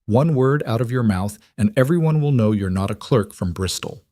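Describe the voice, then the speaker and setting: Brief: man doing a young storybook seamstress, lifted voice, brisk and teasing, dry close sound. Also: medium pitch, expressive, warm tone, no room sound, voice pushed up, close to an everyday voice. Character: young woman, poor brave quick-witted seamstress.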